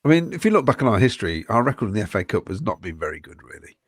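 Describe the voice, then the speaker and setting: A man's voice: fairly low pitch, big pitch swings, very fast, slightly rough, no echo, studio quality. A man co-hosting a fan podcast, reading out viewer comments with frequent ums and chuckles in casual chat.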